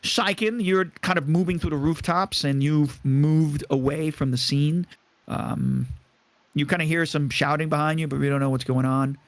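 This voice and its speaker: A man's voice: a little high, steady tone, moderate pace, no room sound. A man running a tabletop game as game master, narrating in a rambling way with many fillers.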